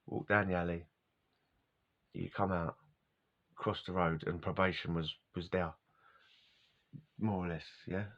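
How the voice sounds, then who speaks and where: A man's voice: low voice, fairly even intonation, a little slow, pauses often, fairly bright tone. A middle-aged man, telling rambling personal stories as a vlogger, casual and wandering, laughing often and losing his words. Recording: dull lo-fi recording.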